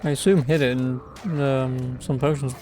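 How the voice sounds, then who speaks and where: A man's voice: medium pitch, little pitch movement, moderate pace, a little mellow, a little hiss or hum. A man giving casual, sarcastic gameplay commentary as a streamer. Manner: wry, sarcastic. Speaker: let's play streamer.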